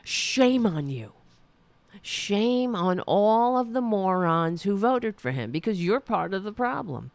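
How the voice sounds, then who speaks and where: Ranting woman with a lively voice. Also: mid-range voice, measured pace, vocal fry, hardly any pauses, no echo. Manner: rambling, indignant ranting. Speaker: podcast host. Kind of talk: solo political commentary.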